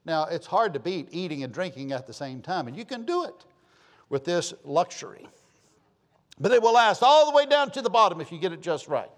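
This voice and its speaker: A man with a Southern US accent preaching a sermon, telling folksy stories and swinging between loud calls and low asides. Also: sing-song, fairly quick. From Georgia, US. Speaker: pastor.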